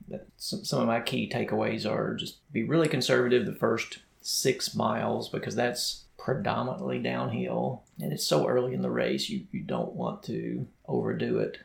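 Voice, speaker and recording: A man's voice: medium pitch, creaky, reverberant. A man co-hosting a running podcast, telling a story in a casual, playful way. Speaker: podcast co-host. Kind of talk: casual chat.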